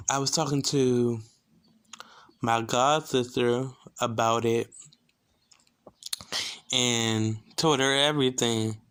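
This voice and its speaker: A young man telling a casual storytime, animated and talking straight to his viewers. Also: medium pitch, clean tone. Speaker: vlogger.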